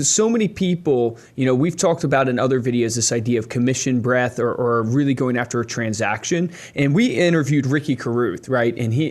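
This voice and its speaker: A man's voice: mid-range voice, a little mellow. A man co-hosting a podcast, speaking emphatically in a coaching tone to his audience. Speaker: podcast co-host. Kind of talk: casual podcast chat.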